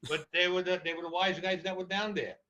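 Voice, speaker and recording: A man's voice: high-pitched, fairly even intonation, fast talker, pushed and bright. A man telling stories as a podcast guest, blunt and profane, with a laughing edge. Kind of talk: casual storytelling. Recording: dull lo-fi audio.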